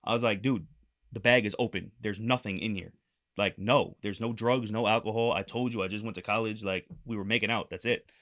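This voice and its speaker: A man's voice: fairly low pitch, fairly even intonation, a little fast, a bit bright. A young man telling a story on a casual podcast, swearing freely and acting out the quotes. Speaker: podcast co-host.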